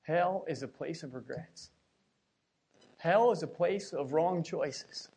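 A middle-aged man from Pennsylvania preaching a sermon, telling a personal story with emotion and repeating his words as he swings from hushed to loud. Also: fairly high pitch, slow, husky.

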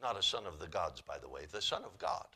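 A man's voice: low voice, sing-song, quick pace, creaky, husky. A man preaching a sermon, reading scripture dramatically and adding folksy, joking asides. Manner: swings from loud dramatic Bible reading to quiet folksy asides. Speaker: pastor.

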